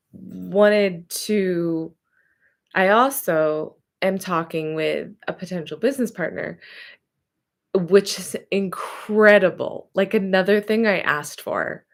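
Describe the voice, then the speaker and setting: A woman who works as a therapist is telling a story from her own life in a loose, rambling way. She talks slowly and unhurriedly, often stopping to correct herself. Her voice sits a little low for a woman. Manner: chatty, rambling retelling with self-corrections. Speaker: therapist and hypnotherapist. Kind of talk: casual storytelling monologue.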